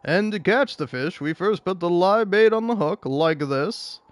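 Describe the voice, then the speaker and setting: A man's voice: sits high, animated, measured pace, no room sound, pitched above the performer's own voice. A man reading an old grandpa fishing. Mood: calm. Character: old grandpa teaching a boy to fish.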